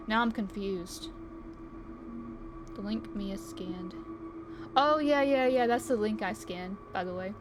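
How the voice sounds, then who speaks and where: A woman's voice: medium pitch, measured pace, pauses often, noisy background. A woman livestreaming from her room, chatting playfully and giggling as she plays. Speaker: streamer. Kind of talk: live game commentary. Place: home room.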